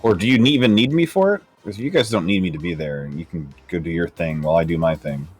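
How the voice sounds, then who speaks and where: A man's voice: deep voice, lively intonation, fast talker, a little mellow, breathy edge, faint music behind. A man playing a tabletop role-playing game, blunt and laid-back, who swears casually. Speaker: player.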